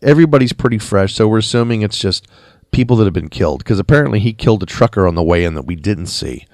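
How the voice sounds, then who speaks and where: A man's voice: on the low side, lively intonation, fast, darkish tone, no room sound, clean studio sound. A man reviewing a movie on a podcast in a rambling, conversational way, now and then mimicking lines of dialogue. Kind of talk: casual spoken review. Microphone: podcast mic.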